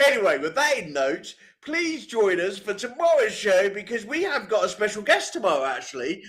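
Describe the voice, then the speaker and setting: A man's voice: high-pitched, very animated, normal speed, a bit bright. A man co-hosting a live music show, chatting playfully and bantering with his co-host.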